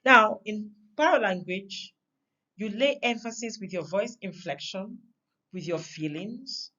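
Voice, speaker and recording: Slow, expressive woman teaching a lesson. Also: highs cut off. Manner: expressive, emphatic delivery with big swings in pitch and loudness. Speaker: communication teacher. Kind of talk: recorded online lesson.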